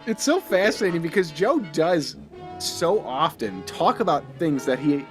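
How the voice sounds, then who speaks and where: A man's voice: a little high, big pitch swings, measured pace, over music. A man co-hosting a podcast in casual chat, teasing his friends and swearing casually. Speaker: podcast co-host.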